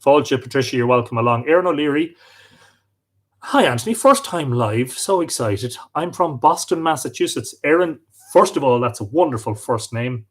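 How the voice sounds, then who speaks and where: A man's voice: mid-range voice, lively intonation, normal speed. A man hosting a live stream, chatting and greeting viewers as he reads out their comments. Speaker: host.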